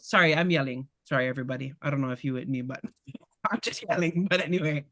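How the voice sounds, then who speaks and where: Woman candidate, punchy bright voice, blunt and fired up at a town meeting. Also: deep voice, brisk. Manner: passionate, blunt, laughing asides. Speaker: political candidate. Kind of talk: community meeting talk.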